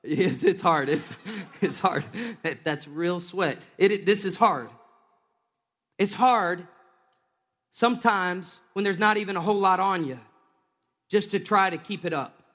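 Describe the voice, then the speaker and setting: A man preaching a lively sermon from a church stage, joking with volunteers between points. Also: high-pitched, measured pace, pauses often, in a large hall. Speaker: pastor.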